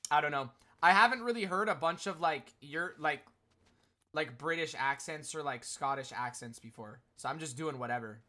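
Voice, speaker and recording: A man's voice: on the high side, normal speed, sharp tone. A man streaming casually and talking to his chat, rambling with lots of "like" fillers. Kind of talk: casual livestream chat commentary.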